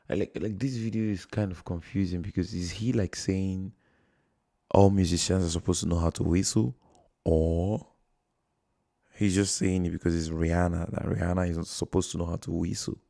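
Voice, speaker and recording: A man's voice: low voice, fairly even intonation, normal speed, creaky, mellow. A man from Nigeria with a Nigerian accent, chatting casually and rambling as he reacts to videos on a livestream from his phone. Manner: rambling, chatty, many fillers and chuckles.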